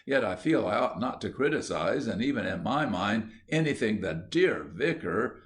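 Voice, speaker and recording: A male narrator voicing a fussy, prim lady artist who speaks hesitantly and in a slow, measured way. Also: fairly low pitch, expressive, close to an everyday voice.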